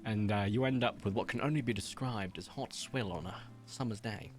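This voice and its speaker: A man's voice: on the low side, brisk, music in the background. A young man from Somerset with a West Country accent, chatting casually and self-deprecatingly while streaming a game, his voice drifting between posh and broad. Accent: English West Country. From Somerset, England. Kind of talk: casual livestream chat.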